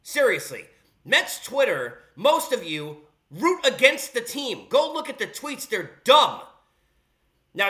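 A man's voice: sits high, bright, forceful tone. A man hosting a sports podcast, ranting bluntly and sarcastically. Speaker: podcast host. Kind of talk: opinionated sports rant.

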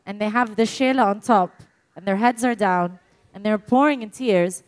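A woman casually telling an embarrassing story in a chat, animated and laughing often as she talks. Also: mid-range voice, normal speed.

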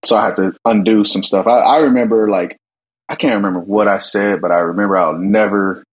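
A man talking as a podcast guest, telling relaxed stories full of restarts and laughs. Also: on the low side, a little fast, breathy edge, rough recording. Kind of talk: casual conversation.

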